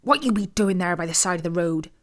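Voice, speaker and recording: A woman voicing a quick-tempered rustic male farmer in a storybook tale, with country speech. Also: lowish voice, animated, natural voice. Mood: curious.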